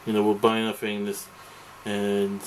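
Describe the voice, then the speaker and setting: A man's voice: lowish voice, monotone, unhurried, slight background noise, poor audio. A man delivering a rambling, profane, aggrieved rant to camera as a vlogger. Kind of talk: ranting monologue to camera.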